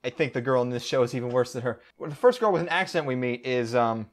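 A man's voice: medium pitch, fast. A man hosting a casual podcast, sarcastic and exasperated as he talks. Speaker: podcast host.

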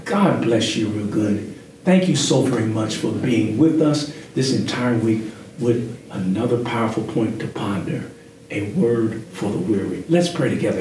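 A male pastor giving a devotional sermon, drawing out key words for emphasis and now and then jumping into a falsetto impression. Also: darkish tone, slight background noise. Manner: preacherly, drawn-out emphasis with sudden falsetto impressions. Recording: echoey room, heard from a distance, faint ambience.

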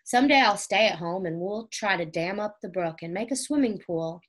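A kind, eager older boy in a storybook, as a woman reading aloud puts him on. He sounds cheerful and proud, his voice lifting on the exciting bits of his news. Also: medium pitch, normal speed, natural voice. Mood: friendly.

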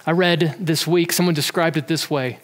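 A man's voice: fairly high pitch, fairly even intonation, moderate pace. A man in his thirties preaching a sermon, talking in a conversational way and telling family stories with animation. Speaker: pastor. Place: church sanctuary. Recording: long church hall reverb.

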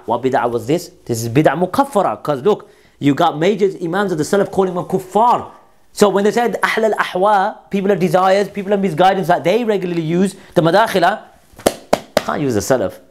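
A man's voice: high-pitched, darkish tone. Combative man scolding his opponents. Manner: repeats key phrases for emphasis. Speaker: presenter of a commentary video. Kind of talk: polemical commentary on quoted texts.

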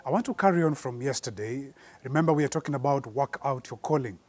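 A man preaching a sermon, slowing down and rising in force to repeat his points. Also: medium pitch, darkish tone, husky. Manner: measured preaching, slows and rises for emphasis.

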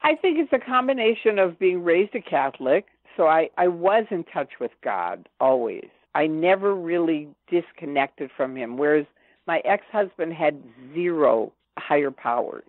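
An older woman telling her personal story as an interview guest, animated and acting out the dialogue she quotes. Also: sits low, normal speed, no echo. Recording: tinny dry phone line.

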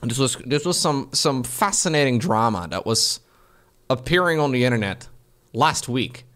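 A man casually commenting while editing a stream highlight, rambling and laid-back with the odd swear. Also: expressive, normal speed, a bit bright. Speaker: video editor.

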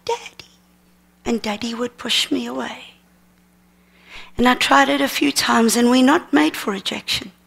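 A middle-aged woman teaching at a ministry seminar, sharing a personal testimony in an earnest, halting way with repeated words. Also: sits high, creaky.

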